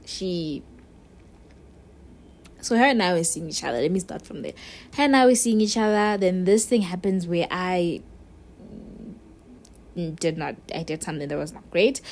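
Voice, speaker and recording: A woman's voice: fairly low pitch, darkish tone. A young adult woman telling a personal story to her viewers in a chatty, candid way, talking straight to the listener. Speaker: vlogger. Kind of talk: casual storytelling to camera.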